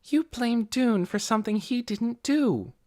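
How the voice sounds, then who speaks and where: A man's voice: very high-pitched, animated, unhurried, warm tone, pitched above the performer's own voice. Lena, a fierce young girl, as a man puts her on. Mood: accusing. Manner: pressing, accusing. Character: indignant determined young girl.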